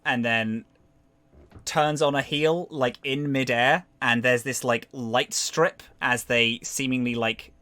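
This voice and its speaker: A man acting as game master, narrating a tabletop game in an animated way and adding sound effects. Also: mid-range voice, slow, no room sound.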